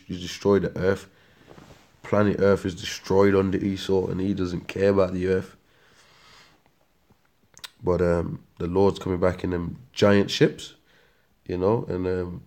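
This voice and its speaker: A British man with a very low voice preaches in a loose, rambling way. He peppers his talk with slang and trips over words when he reads aloud. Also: dark tone. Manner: slangy, ends lines with "man" and "mate". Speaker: street preacher. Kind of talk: casual preaching monologue.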